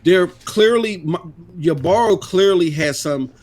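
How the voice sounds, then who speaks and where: A blunt middle-aged man holds forth on a casual gaming podcast, his voice sitting a touch high. He talks emphatically and drops curse words without a second thought. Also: takes it slowly, darkish tone. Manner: blunt, emphatic, swears freely. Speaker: podcast co-host.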